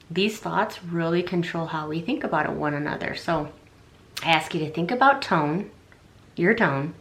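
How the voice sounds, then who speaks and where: A young adult woman giving casual relationship advice on a vlog, rambling and chatty with lots of fillers and restarts. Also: low-pitched. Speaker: relationship vlogger.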